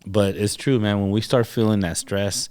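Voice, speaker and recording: A man with a fairly low voice tells personal stories in a relaxed podcast conversation. He acts out the people in his stories, and his voice jumps up whenever he quotes them. The delivery is loose and conversational. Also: normal speed. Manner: animated storyteller, acts out dialogue. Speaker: podcast guest, chiropractor. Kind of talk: casual storytelling.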